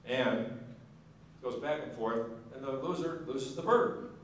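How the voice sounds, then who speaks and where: A man's voice: mid-range voice, slow pace, slight background noise, close to an everyday voice. A man doing a folksy old Marine general in an echoey hall. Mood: folksy calm. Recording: echoey banquet hall, distant mic.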